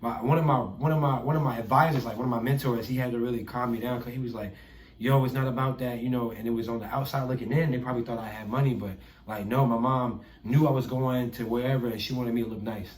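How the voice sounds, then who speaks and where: A young man telling a story in a casual chat, animated, swearing and acting out the people he quotes. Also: mid-range voice, fast talker, hardly any pauses. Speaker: podcast guest, artist. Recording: roomy echo.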